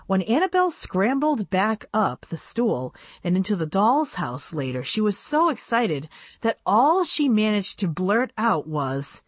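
Woman reader for a radio reading service; expressive storybook delivery with a lively, varied tone. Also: lowish voice, moderate pace, no room sound. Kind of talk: reading a children's book aloud.

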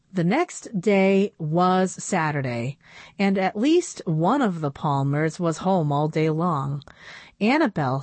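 A woman reading a children's storybook aloud in an expressive, unhurried way. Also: mid-range voice, no room sound.

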